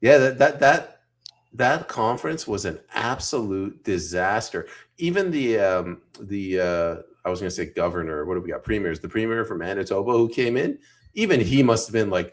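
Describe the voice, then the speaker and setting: A man's voice: lowish voice, sing-song, moderate pace. A man from Canada co-hosting a casual political podcast, joking, laughing often and reading audience comments aloud.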